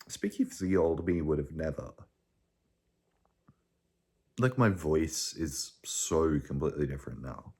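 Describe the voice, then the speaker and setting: A young man vlogging to camera in a rambling, sweary way, swinging between hushed and loud. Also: rumbling low, lively intonation, unhurried, long pauses.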